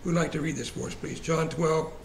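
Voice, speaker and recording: A man's voice: on the high side, steady tone, a little fast, creaky. A man leading a church Bible study class in a conversational way, asking the group questions and repeating verse references. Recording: echoey room, faint ambient hiss.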